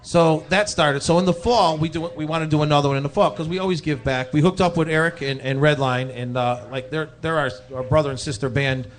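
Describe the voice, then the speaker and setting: A man's voice: a little high, fairly even intonation, brisk, hardly any pauses. A man, a guest from a band, talking casually with fillers about charity shows and stories. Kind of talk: casual interview talk.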